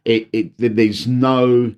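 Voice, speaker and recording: A man's voice: mid-range voice, dull audio. A man, a wedding DJ, telling stories in casual podcast chat, with lots of fillers and restarts. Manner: animated storyteller, halting fillers and restarts.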